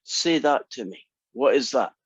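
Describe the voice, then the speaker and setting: A man's voice: medium pitch, lively intonation, a little slow, husky, no room sound. Wry man lecturing math. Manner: wry, teasing. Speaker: math instructor. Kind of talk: classroom lecture. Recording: dry, muffled classroom recording.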